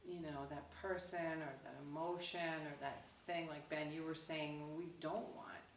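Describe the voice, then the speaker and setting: A woman Zen teacher tells a teaching story in a casual, animated way, slipping into quoted voices. Her voice sits a little low and comes from away from the mic in a roomy hall, with faint background noise. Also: moderate pace, distant mic. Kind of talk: dharma talk storytelling.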